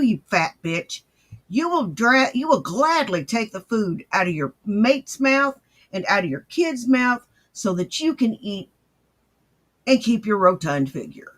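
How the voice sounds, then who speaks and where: A man hosting a mocking reaction commentary, his voice high and bright. He swings widely in pitch as he sneers and swears at what he's watching. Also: very animated, a little slow. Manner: crude, profane and sneering. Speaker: commentary host.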